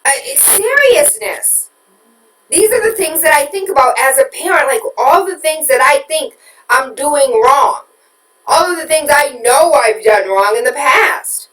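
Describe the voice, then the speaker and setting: A woman's voice: sits high, expressive, unhurried, a bit bright, echoey room, recorded from a distance, rough recording. A woman hosting a talk radio show, preaching at listeners with rhetorical questions and candid confessions about her own parenting.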